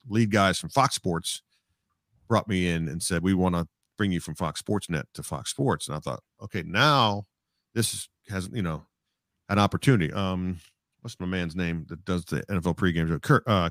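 Recorded at studio quality with no room sound, a middle-aged male sportscaster speaks on the low side. He's a guest in a casual interview, telling meandering, thoughtful stories and frequently starting over.

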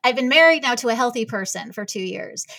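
A woman talking candidly in a casual chat, lively and animated, acting out the voices she quotes. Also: fairly high pitch, quick pace, gravelly.

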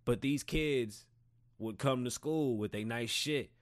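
Casual loud-mouthed guy in his 30s, cussing nonstop, rambling monologue. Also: medium pitch, slow pace. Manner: profane, animated storytelling; rambling, digressive. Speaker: podcast host.

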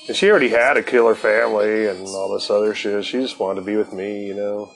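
A man's voice: fairly low pitch, level tone, a little fast, creaky, hardly any pauses, a bit bright, soft background music, rough recording. A man hosting his own podcast, telling a personal story in a profane, laid-back way and laughing often. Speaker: podcast host. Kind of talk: casual storytelling.

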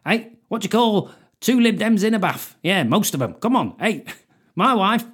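Man putting on a brash old-school club comedian, higher, louder, punchline patter. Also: expressive, normal speed, slightly rough, heavily acted. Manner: heckling, punchline-driven patter.

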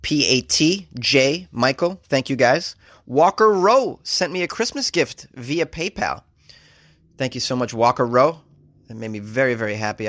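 A man's voice: medium pitch, a bit bright, no echo, studio quality. A man hosting a comedy podcast in a casual, jokey, self-deprecating way.

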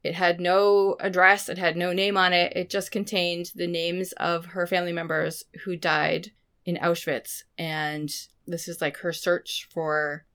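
A woman's voice: lowish voice, level tone, unhurried, a bit bright, smooth. A woman co-hosting a book podcast, chatting casually and enthusiastically with many "like"s, while a bit sick. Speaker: podcast co-host.

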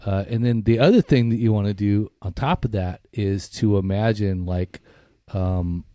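Male podcast co-host, low mellow voice, rambling and profane, dry close recording. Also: normal speed, no echo. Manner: rambling, profane, laughs often. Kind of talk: casual recovery podcast chat.

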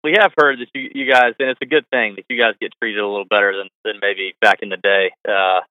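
A man's voice: on the low side, steady tone, fast, dry recording, phone-quality sound. A man hosting a podcast, asking casual interview questions eagerly and repeating words as he starts them. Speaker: podcast host.

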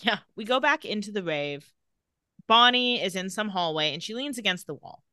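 Bright, lively woman recapping an episode. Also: medium pitch, normal speed, no echo, clean studio sound. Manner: animated, acts out lines from the show with laughs. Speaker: podcast co-host recapping a TV episode. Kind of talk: casual chat, retelling scenes.

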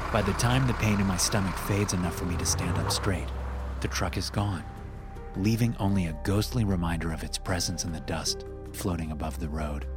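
Deep-voiced male audiobook narrator. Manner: steady, measured storytelling. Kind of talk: scripted first-person audiobook narration. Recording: narration over clear music.

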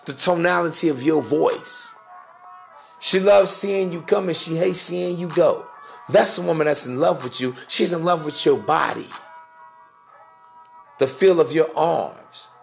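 A man's voice: fairly high pitch, creaky. A man hosting a podcast, talking in a blunt, profane, preachy monologue full of slang. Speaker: podcast host. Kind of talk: casual monologue.

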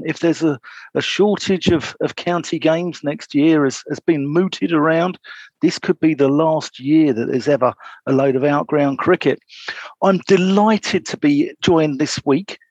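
Southern english guy hosting a cricket chat, kinda high voice, dry close sound, trips over his words. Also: no echo, muffled recording. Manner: chatty, stumbles and restarts. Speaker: podcast host.

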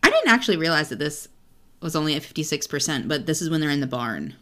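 A woman's voice: sits low, very animated, fast, sharp tone. A young woman co-hosting a book podcast, chatting casually, swearing freely and reading passages aloud. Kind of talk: casual chat.

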